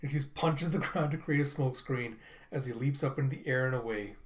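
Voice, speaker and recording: A young adult man hosting a casual manga reaction, retelling the panels in a relaxed, chatty way with fillers. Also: mid-range voice, fairly quick. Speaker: reaction channel host. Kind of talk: casual manga reading and commentary.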